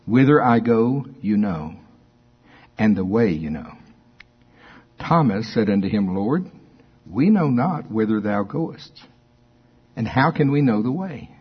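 A middle-aged man preaching a sermon as pastor, getting excited and laughing, slowing down to read scripture. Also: on the low side, slightly rough. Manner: excitable, laughs often, reads scripture slowly. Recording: dull lo-fi recording.

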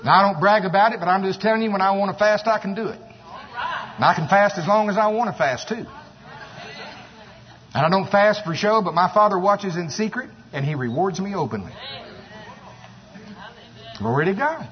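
A man preaching a sermon, animated and storytelling, with exclamations and asides. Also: high voice, normal speed, long pauses. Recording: echoey hall, dull sound.

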